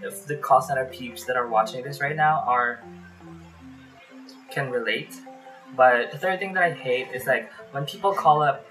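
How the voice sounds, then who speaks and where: A man's voice: medium pitch, normal speed, fairly bright tone, faint music behind, low-quality recording. A man from the Philippines vlogs about his call center days from his small bedroom, a fan humming nearby. He talks in a loose, chatty way, full of fillers, and acts out his phone calls as he goes. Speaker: vlogger. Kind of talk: casual storytelling vlog.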